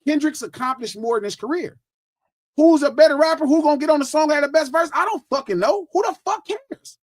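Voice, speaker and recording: A man's voice: very high-pitched, fast talker, no room sound, studio quality. A middle-aged man, hosting a podcast and arguing his point in a heated, profane, insistent casual debate. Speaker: podcast host.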